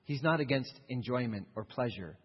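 A man's voice: medium pitch, expressive, moderate pace, breathy edge. A man preaching a sermon as pastor, earnest and conversational, explaining his points and acting out quoted voices. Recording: dull long reverb of a large hall.

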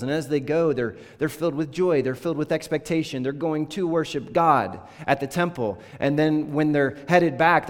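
A man preaching a sermon as pastor, talking conversationally and voicing the scripture quotes with rising intensity. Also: mid-range voice. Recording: long reverb of a large hall.

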